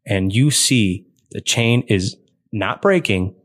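A young man narrating a tabletop game as game master, slow and deliberate with quick asides. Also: on the low side, animated.

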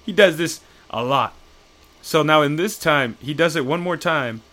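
Man, bright voice, casual chat, profane, rambling, acts out characters' lines. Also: on the high side, normal speed. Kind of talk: casual chat retelling comic plots.

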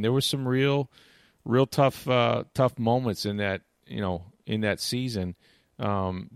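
A sports commentator with a lowish, clear, resonant voice chats in a casual, meandering way. He keeps restarting, sprinkles in "you know," and brings game moments to life; the recording is dry and close.

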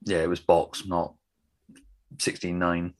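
A man's voice: deep voice, flat delivery, a little slow, dry recording. A man co-hosting a film podcast, laid-back and hesitant. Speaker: podcast co-host. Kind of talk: casual film podcast chat.

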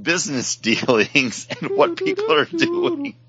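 A podcast co-host with an extremely high voice whose pitch swoops wildly talks unhurriedly and animatedly about comic books, now and then acting out short quotes. It's a casual chat captured in dull, lo-fi podcast audio.

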